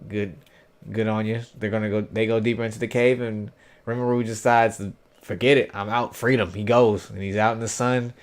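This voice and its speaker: A man with a lowish voice and little pitch movement briskly recaps an anime episode for his review. His informal, rambling delivery is loose and slangy, full of fillers and self-corrections.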